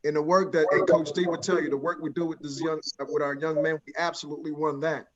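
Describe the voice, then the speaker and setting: A man's voice: on the high side, little pitch movement, fast, dull audio, heavy background noise. A man moderating a panel discussion, eager and affirming, jumping in with agreement.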